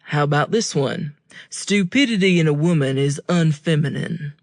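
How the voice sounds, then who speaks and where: A woman reading an audiobook, voicing a serious young man who teases and quotes poetry in a slow, low, deliberate way. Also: no echo, studio quality, lightly acted. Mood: teasing.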